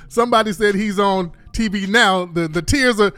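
A man giving blunt, animated commentary to his livestream audience, repeating himself often. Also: high-pitched, slow pace, no room sound, faint music behind.

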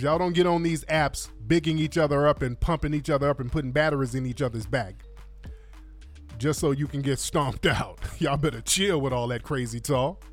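A man hosting reaction commentary, mocking and animated, with lots of slang. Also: on the high side. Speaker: commentary host.

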